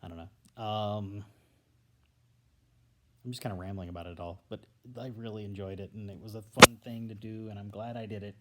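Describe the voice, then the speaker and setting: A man's voice: lowish voice, fairly even intonation, moderate pace, background noise. A man talking alone into a handheld tablet camera in a rambling, casual vlog. He is hesitant and stammers, with many fillers and trailing thoughts. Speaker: vlogger. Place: alone at home, indoors. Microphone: tablet held at arm's length.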